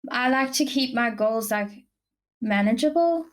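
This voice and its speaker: A woman's voice: on the high side, expressive, unhurried. A young woman with a South African accent, co-hosting a podcast in casual, gushing chat full of "like" fillers. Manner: chatty, gushing, many "like" fillers. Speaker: podcast co-host.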